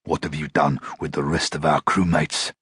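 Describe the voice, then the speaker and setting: Man reading as a hulking violent brute, growling, husky, dry close sound. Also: extremely low pitch, flat delivery, fairly bright tone, no room sound, pitched below the performer's own voice, heavily acted. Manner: growling, hissing, quick to fury. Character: massive, violent, growling male castaway.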